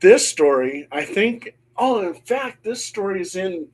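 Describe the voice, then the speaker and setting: A man's voice: sits high, lively intonation, unhurried, slightly rough. A middle-aged man, a paranormal investigator, telling a ghost story on a panel show and acting out the voices he quotes.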